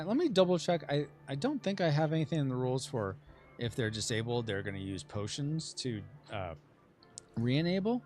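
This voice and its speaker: Guy running a tabletop game test, middle pitch, talks it through out loud, faint music behind. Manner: chatty, checks rules aloud, thinks out loud. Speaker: game host. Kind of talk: casual tabletop game playtest.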